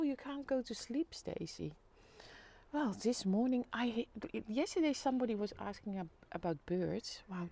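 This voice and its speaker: A chatty, middle-aged woman hosts a live-stream vlog from home by a window overlooking a city street, casually greeting viewers. Her voice is mid-pitched and easygoing with vocal fry, and she reads comments aloud, bursting into excited squeals.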